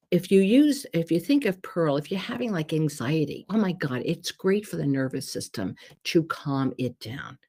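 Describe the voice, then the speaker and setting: A woman teaching energy healing in a casual, chatty talk, animated and quick to laugh. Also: low voice. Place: West Coast.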